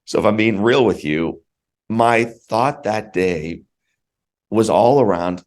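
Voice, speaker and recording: Man, podcast guest with a very deep voice; earnest, heartfelt personal storyteller. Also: slow, a little mellow. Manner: earnest, heartfelt, repeats words for emphasis.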